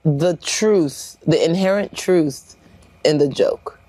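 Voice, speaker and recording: A woman from Nigeria, a comedian chatting in an interview, animated and quick to laugh. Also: low-pitched, breathy edge, no echo. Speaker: comedian guest. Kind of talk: casual interview chat.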